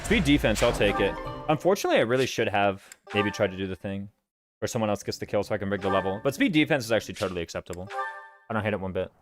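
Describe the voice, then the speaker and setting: A man with a Southern US accent gives quick, low-voiced commentary over a strategy game and thinks out loud in a loose, rambling way. His consonants blur and fall away as he talks. Game music plays clearly underneath. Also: sing-song. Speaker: streamer playing a strategy game. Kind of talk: casual gameplay commentary.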